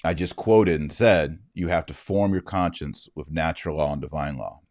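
Casting: man, very low voice, emphatic storyteller, dry close sound. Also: moderate pace, a little mellow, dry recording. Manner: emphatic, indignant retelling. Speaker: Catholic commentator. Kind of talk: storytelling monologue.

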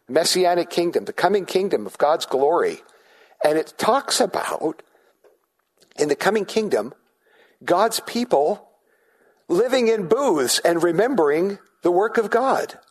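A man preaching a sermon as pastor, in a conversational way, asking the congregation questions and often restarting his sentences. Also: sits high.

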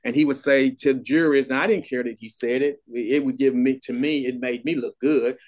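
A man's voice: medium pitch, fairly even intonation, moderate pace, a little mellow. An older man, a trial lawyer telling a courtroom story in an interview, acting out quoted voices. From Texas.

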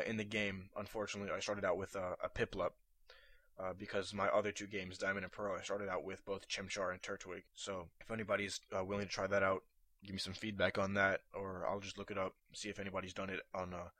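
A man's voice: fairly low pitch, a bit bright, no echo. Rambling young man hosting a podcast. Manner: rambling, with frequent fillers and restarts. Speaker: podcast host. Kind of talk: casual podcast chat.

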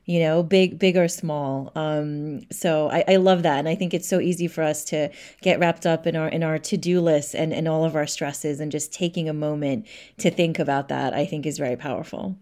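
A woman's voice: deep voice, steady tone, normal speed, darkish tone. A woman hosting a podcast interview, affirming her guest and laughing along. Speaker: podcast host.

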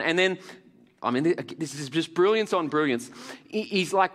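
A male pastor preaching a sermon to a live audience in an animated, joking way, laughing often. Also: fairly high pitch, fairly quick. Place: large hall with audience. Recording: long hall reverb.

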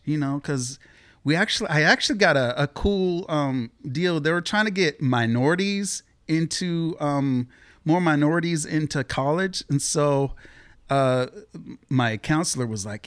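Male guest, slightly high voice, dry close sound, chatty storyteller. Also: a little slow, clear, resonant tone, no echo. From Pacific Northwest, US. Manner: rambling, lots of fillers, animated when quoting others. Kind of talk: casual storytelling interview.

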